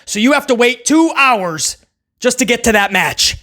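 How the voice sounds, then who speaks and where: A man's voice: very high-pitched, animated, moderate pace, sharp tone. A man hosting a casual wrestling review, talking sarcastically and rambling with stammered restarts. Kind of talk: casual video review rant.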